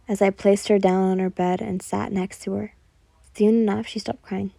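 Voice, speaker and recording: A woman narrating a second-person fan story in a soft, partly whispered manner. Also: mid-range voice, flat delivery, normal speed, gravelly, no echo.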